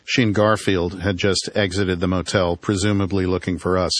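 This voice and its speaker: A man's voice: sits low, flat delivery, normal speed, no room sound. A man narrating a first-person audiobook with dry, wry storytelling.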